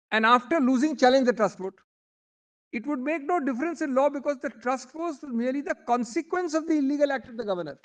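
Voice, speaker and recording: A man with an Indian English accent arguing formally and emphatically before a bench as a senior advocate, often addressing the judges as my lords. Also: very high voice. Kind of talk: courtroom argument.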